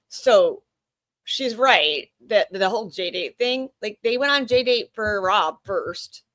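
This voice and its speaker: A woman chats casually on a live stream at a middle pitch, often stumbling over words and correcting herself. The sound is close and dry. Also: fairly bright tone, no room sound.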